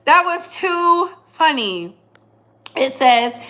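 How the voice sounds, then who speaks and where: A woman's voice: high voice, sing-song, slow, bright, forceful tone. A woman hosting a casual live stream, chatting with viewers and laughing often and heavily, with slangy speech. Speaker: livestream host. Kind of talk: casual live chat commentary.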